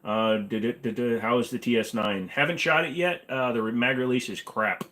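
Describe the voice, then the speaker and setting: A man's voice: mid-range voice, normal speed, fairly bright tone. A man in his forties hosting a casual livestream Q&A from his apartment, talking in a rambling, offhand, joking way. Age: 40s. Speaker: livestream host. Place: apartment bedroom-living room.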